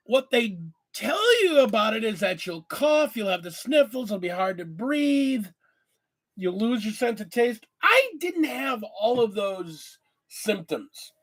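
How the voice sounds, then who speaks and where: A man's voice: high voice, sing-song, takes it slowly, fairly bright tone. A man hosting a casual video chat, tired and coughing after an illness, rambling candidly and swearing now and then. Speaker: host.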